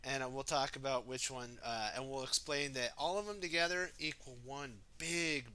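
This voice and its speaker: A man's voice: medium pitch, normal speed, clear, resonant tone. A man reading a children's storybook aloud, chatting casually and asking the listener questions. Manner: shouts the heroes' lines in a raised, excited voice. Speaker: storybook reader. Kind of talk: casual read-aloud for kids.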